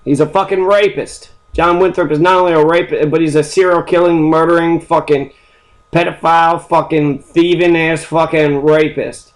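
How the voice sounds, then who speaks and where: A man with a somewhat high-pitched voice, ranting in a fury. He swears constantly and rambles from one tangent to the next as he talks through history. It sounds like a loose, unscripted solo rant. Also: fairly even intonation, moderate pace. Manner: angry, heavily swearing, rambling. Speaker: history channel host.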